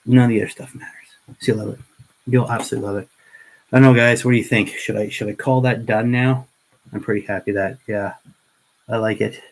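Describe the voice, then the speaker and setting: A middle-aged man chats through a livestream as he paints miniatures, his voice sitting a little low. He rambles earnestly, often restarting his sentences, and talks straight to his viewers. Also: steady tone, a little fast, pauses often, low-quality recording. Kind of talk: casual livestream chat.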